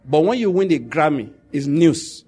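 A middle-aged Nigerian man with a Nigerian accent telling stories in a casual monologue, animated and laughing as he jumps into quoted pidgin. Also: on the high side, normal speed, slightly rough.

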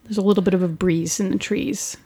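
A woman running a tabletop game as game master, describing the scene in an unhurried way. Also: medium pitch, steady tone, creaky, dark tone, husky.

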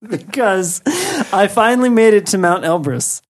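Jokey guy co-hosting a podcast, voice bouncing all over, always teasing. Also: high-pitched. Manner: joking, playful, teasing. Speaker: podcast co-host. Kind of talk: casual chat.

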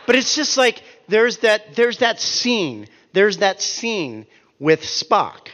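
Ranting man with a fairly high voice. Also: slow pace, in a large hall, dull audio. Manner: animated, ranting, profane, self-interrupting. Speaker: author and speaker. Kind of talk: comic storytelling talk.

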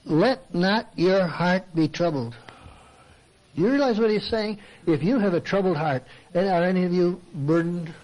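An older man delivers a sermon in a conversational way, with a fairly high-pitched voice. He keeps asking rhetorical questions and voices his listeners' complaints back at them. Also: measured pace, darkish tone, low-quality recording. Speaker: Christian speaker and counselor. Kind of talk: sermon talk.

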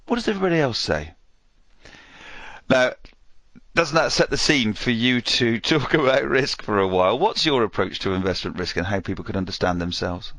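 Man, low voice, dry close sound, podcast host. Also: normal speed, a bit bright, dry recording. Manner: friendly, storytelling questions. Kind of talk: podcast interview.

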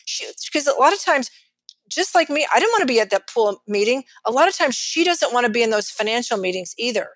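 A middle-aged woman with a Texan accent tells stories from her work as a financial advisor in an animated interview style, acting out the people she quotes. Her voice sits a little high, and the recording is close and dry with no room sound. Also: brisk, no echo. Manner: animated, acts out quotes of others. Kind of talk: storytelling in a podcast interview.

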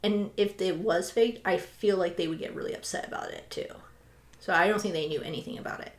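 A woman's voice: mid-range voice, a little fast, roomy sound. A woman co-hosting a casual podcast chat, talking in a chatty way with lots of filler words. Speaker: podcast co-host.

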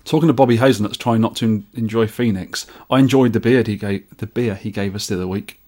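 A man's voice: fairly low pitch, fast, mellow. A man co-hosting a podcast, chatting playfully and reading listener feedback. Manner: jokey, playful. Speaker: podcast co-host.

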